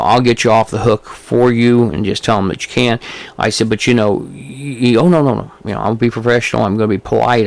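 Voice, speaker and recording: Gravelly man telling a rambling story. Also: lowish voice. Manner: rambling, filler-heavy anecdote telling. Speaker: podcast co-host, paranormal investigator. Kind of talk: casual storytelling chat.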